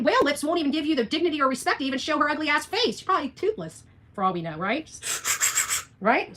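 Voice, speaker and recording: Fast, sharp-tongued ranting woman. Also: sits high, lively intonation, a little hiss or hum. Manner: blunt, profane, sarcastic ranting. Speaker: vlogger. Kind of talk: ranting livestream vlog.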